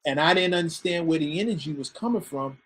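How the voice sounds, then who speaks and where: A man, a podcast guest, telling a story in casual talk, animated and swearing freely, often repeating his words. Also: on the high side, fast.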